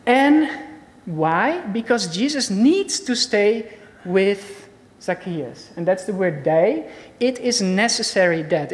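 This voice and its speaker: A woman preaches in a church, working through a Bible passage with slides. She speaks with emphasis and repeats key words to drive them home. Her voice has a middle pitch for a woman and carries a long reverb from a large hall. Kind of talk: Bible teaching sermon with slides.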